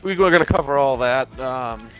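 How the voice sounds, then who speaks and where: A man's voice: medium pitch, animated, moderate pace, highs cut off, soft background music. A man hosting a casual podcast chat, loose and profane, laughing often, with a mostly hidden Boston accent. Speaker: podcast host.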